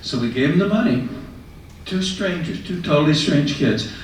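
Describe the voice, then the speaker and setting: A man telling a personal story to an audience in a conversational, animated way. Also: fairly high pitch, normal speed, a little hiss or hum. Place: retirement residence common room. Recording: echoey room, mic far off.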